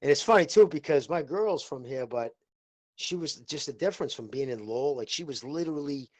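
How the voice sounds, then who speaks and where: A man's voice: fairly high pitch, lively intonation, fairly quick, no room sound. Boston dude on a podcast, swears a lot, trips over his words, dry mic. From Boston area, USA. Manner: rambling, profane, many restarts. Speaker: podcast co-host. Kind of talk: casual podcast chat.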